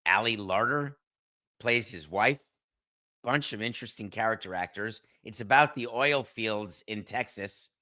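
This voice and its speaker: Male podcast host, middle-aged, blunt solo commentary, bright and punchy tone. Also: on the low side, unhurried. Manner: blunt, sarcastic, talks straight to a producer. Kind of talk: opinionated solo sports and TV commentary.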